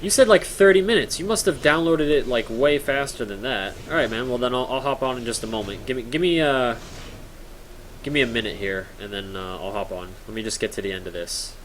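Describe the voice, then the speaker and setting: A man's voice: medium pitch, fairly quick, a little hiss or hum, low-quality recording. A young man live-streaming a game from home, rambling and joking in casual chat and reading viewer comments aloud.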